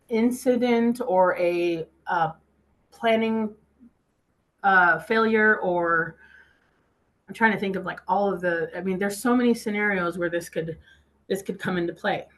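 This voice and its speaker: A woman's voice: mid-range voice, fairly bright tone. Chatty woman telling a story in a talk. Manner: chatty storytelling, quoting herself with "I was like"; laughs easily. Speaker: speaker. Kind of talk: motivational talk with a personal story.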